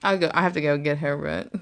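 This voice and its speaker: A woman's voice: low voice, expressive, a little fast, a little hiss or hum. A young mother at home in her bedroom, talking to her toddler in coaxing, sing-song baby talk and often laughing. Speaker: vlogger mother.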